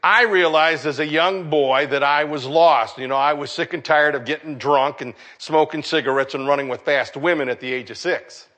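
A middle-aged man preaching a sermon, animated and acting out the voices of the people in his story. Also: fairly high pitch, moderate pace, hardly any pauses. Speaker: pastor.

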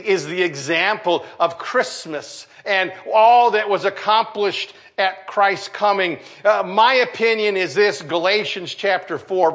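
A man's voice: sits high, a bit bright. An older man, a pastor, preaching a folksy sermon with jokes and asides to his congregation.

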